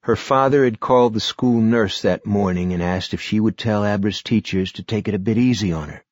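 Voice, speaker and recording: A man giving a measured, expressive audiobook narration. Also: on the low side, no echo.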